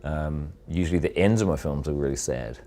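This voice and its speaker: Man, very low voice, relaxed rambling interview talk, frequent restarts. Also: brisk. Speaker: filmmaker guest. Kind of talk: casual interview answers.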